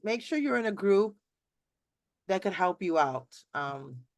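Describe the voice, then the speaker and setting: A middle-aged woman hosting a live video chat, rambling warmly with many restarts and acted-out quotes. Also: mid-range voice, animated, unhurried, dry recording. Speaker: host. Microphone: video call.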